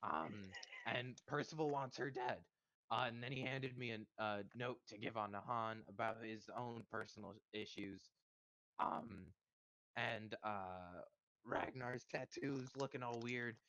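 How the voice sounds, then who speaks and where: A man's voice: mid-range voice, fairly even intonation, a little slow, bright, forceful tone, slight background noise. A man casually recapping the last session of a tabletop game, rambling and swearing, with a strained voice. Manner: rambling, profane, with many fillers. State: strained voice after a long session.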